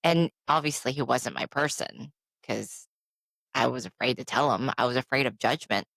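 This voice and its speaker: A podcast co-host in her forties chats candidly and animatedly, telling stories peppered with "I'm like" asides. Her voice is rumbling low and creaky with a fairly bright tone, at a normal pace, in a dry recording.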